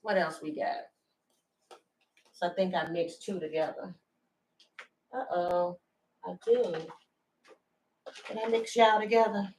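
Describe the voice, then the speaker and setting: A woman's voice: fairly low pitch, fairly even intonation, slow, long pauses, darkish tone, a little hiss or hum, low-quality recording. A woman doing a casual live tarot reading, chatty and laughing, talking straight to her viewers. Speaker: tarot reader.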